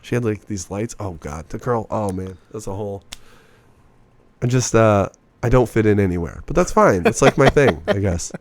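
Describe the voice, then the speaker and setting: A man's voice: on the low side, normal speed, no room sound. Profane young man telling stories in a dry room. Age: early 20s. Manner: profane, animated storyteller who acts out what others said. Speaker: stand-up comedian guest. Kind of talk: casual podcast chat.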